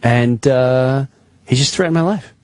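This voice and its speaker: A man telling a rambling, excitable story as a guest on a talk-radio show, acting out the people in it. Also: mid-range voice, a little slow, no echo.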